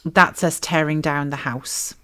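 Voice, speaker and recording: A woman's voice: sits low, fairly even intonation, a little slow, pushed and bright. A Welsh woman co-hosting a faith podcast, speaking earnestly and reflectively in repeated phrases. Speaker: podcast co-host. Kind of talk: faith-based conversational podcast.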